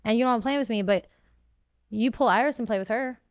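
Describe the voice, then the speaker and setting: Emotional woman guest, smooth voice. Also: fairly high pitch, fast talker, no echo. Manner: emotional, rambling, many restarts. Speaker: podcast guest. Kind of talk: candid interview talk.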